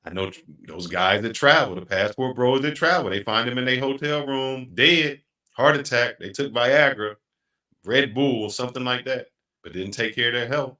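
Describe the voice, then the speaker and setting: A middle-aged man hosting a podcast, speaking in an earnest, reflective way and slowing down to stress his points. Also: mid-range voice, bright, forceful tone. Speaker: podcast host. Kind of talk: casual podcast chat.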